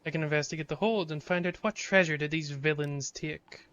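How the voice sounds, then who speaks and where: A man commentating a game live for his chat. His voice sits fairly high and sounds bright and crisp. He reads the game's text aloud and lets out curses when something startles him. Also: fairly even intonation, fairly quick, no echo, lo-fi sound. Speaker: streamer.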